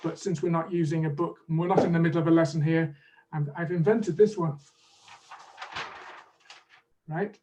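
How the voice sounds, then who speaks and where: A man presenting as a pronunciation teaching expert in an online webinar, explaining in a measured way and leading drills over a video call. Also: a little high, steady tone, far from the mic, background noise.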